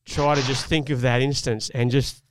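A man's voice: medium pitch, level tone, normal speed, clean tone, no room sound. A man, telling a personal parenting story in an earnest, reflective way on a casual podcast. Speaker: podcast co-host. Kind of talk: casual chat.

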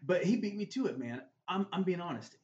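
A man's voice: high voice, lively intonation, a little fast, a little mellow, slight background noise. A man telling a faith story as a guest, earnest and full of "man" fillers. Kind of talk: faith testimony in conversation. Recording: roomy, slightly dull recording.

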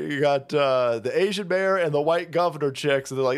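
A man hosts political commentary in a sarcastic, mocking, foul-mouthed way, his voice sitting a little high. Faint music runs beneath his talk. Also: brisk. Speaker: commentary channel host.

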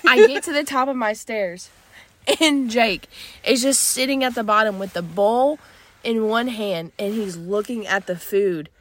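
A young woman with a high voice chats with friends, telling a funny household story and laughing her way through it. Her delivery is animated and loose, full of fillers and giggles. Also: measured pace. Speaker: podcast co-host. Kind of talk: casual chat, storytelling.

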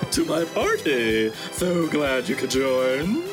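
A man's voice: medium pitch, big pitch swings, takes it slowly, music in the background, pitched above the performer's own voice. A man voicing a tall, thin, eccentric male party host in a top hat, gushing and giddy. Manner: giddy, gushing, breaks into laughter.

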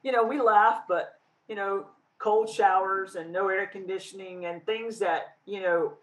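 A woman's voice: mid-range voice, fairly even intonation, measured pace, fairly bright tone, low-quality recording. A woman co-hosting a casual chat, speaking in a reflective, searching way. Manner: reflective, many fillers and restarts. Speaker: podcast co-host.

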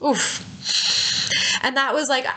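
A woman's voice: high-pitched, a little slow, sharp tone, slight background noise. A young adult woman co-hosting a podcast with her husband, talking openly and emotionally with many fillers. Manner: open, emotional, heavy on filler words. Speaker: podcast co-host. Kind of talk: intimate couple's podcast chat.

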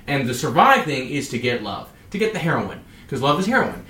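A man co-hosting a casual podcast chat, animated and repetitive, often acting out his own inner voice. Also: medium pitch, fairly quick, few pauses, echoey room. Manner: animated, acts out inner voices, repeats phrases. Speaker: podcast co-host.

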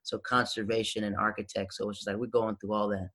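Man, 30s, from the american south, bright forceful voice, animated storyteller. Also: lowish voice, quick pace, breathy edge. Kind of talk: casual chat.

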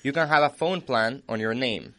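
Young man, podcast host, casual chat, explanatory, reads out information, mid pitch. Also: normal speed, a bit bright.

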